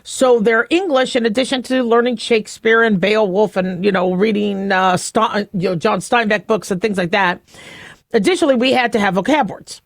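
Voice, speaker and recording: A woman's voice: medium pitch, moderate pace, no room sound. Chatty woman radio host in her fifties. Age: 50s. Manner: chatty, animated storyteller, laughs often. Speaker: radio talk show host. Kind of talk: talk radio monologue.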